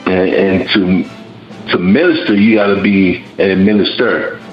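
A low-voiced man hosts a panel, responding in a reflective, affirming way. His voice sounds roomy and dull, with faint music behind him. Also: steady tone, measured pace. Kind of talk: panel discussion.

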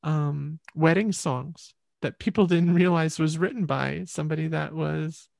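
A woman's voice: sits low, measured pace, vocal fry, darkish tone, no room sound, clean studio sound. A woman musician, a guest in an interview, telling her story in a rambling, reflective way.

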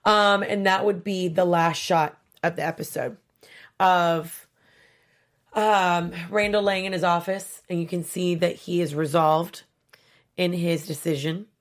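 A woman co-hosts a relaxed talk show about a TV series, sitting a little low in her range. She gushes and chats along easily, with plenty of ums. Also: unhurried. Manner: chatty, gushing, many fillers. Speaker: podcast co-host. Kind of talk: casual chat about a TV show.

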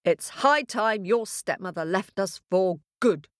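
A woman's voice: medium pitch, lively intonation, a little slow, no room sound, clean studio sound, close to an everyday voice. A woman voicing a father in a children's story who is anxious about his daughter. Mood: resolute. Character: worried, protective father.

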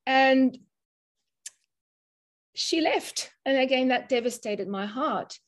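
Her voice high, a woman from Australia in her sixties, a mental health first aid instructor, tells an interviewer a personal story with earnest emotion, stopping and starting as she goes.

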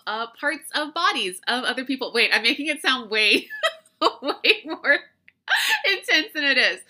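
A woman's voice: mid-range voice, bright, forceful tone. A woman hosting a podcast, talking in a chatty, rambling way and laughing often. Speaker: podcast host. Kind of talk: casual podcast monologue.

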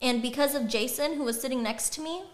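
A woman co-hosting a podcast, telling stories in a casual, animated way and laughing often. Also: high voice, quick pace. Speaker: podcast co-host. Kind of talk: casual chat among friends.

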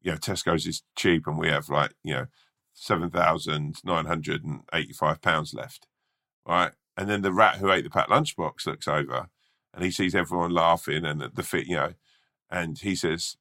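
A man's voice: low voice, steady tone, moderate pace, bright, forceful tone. A man co-hosting a podcast and telling a rambling, swear-laden story full of fillers. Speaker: podcast co-host. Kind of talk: casual chat and rambling storytelling.

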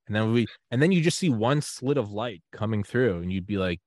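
Lively, storytelling male podcast host. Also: lowish voice, fast, few pauses, dry recording. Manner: animated storyteller, acts out quoted voices. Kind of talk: casual conversation.

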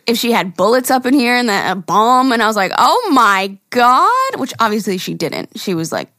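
Animated young New woman storyteller. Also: mid-range voice, fairly quick, dry recording, clean studio sound. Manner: animated storyteller, acts out quotes, swears freely. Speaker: podcast co-host. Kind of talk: casual chat.

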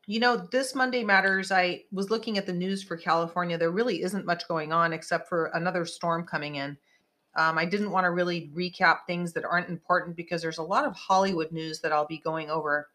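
A woman's voice: fairly low pitch, steady tone, a little fast, sharp tone. A woman hosting a podcast in casual chat, rambling and emphatic as she vents. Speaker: podcast host.

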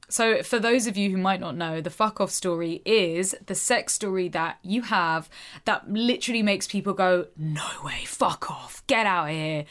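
A woman co-hosting a podcast, chatting casually, excitable and giggly, swearing freely. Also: mid-range voice. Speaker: podcast co-host. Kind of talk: casual chat.

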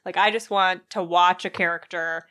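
A woman's voice: lowish voice, steady tone, moderate pace, sharp tone. A woman co-hosting a podcast, casually explaining what kind of books she wants right now. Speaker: podcast co-host. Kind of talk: casual book-recommendation chat.

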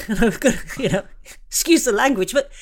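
A woman's voice: on the high side, moderate pace. A middle-aged woman from Ireland, a comedian, talking frankly and self-deprecatingly about her life in an interview, often laughing through her stories. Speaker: comedian guest. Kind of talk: candid conversational interview.

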